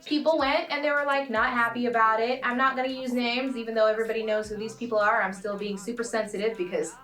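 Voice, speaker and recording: A young woman from Malawi giving a playful comic monologue to camera, with sudden high squeals and quiet asides. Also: fairly even intonation, fast. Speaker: vlogger. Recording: echoey room, voice a bit far from mic, light music.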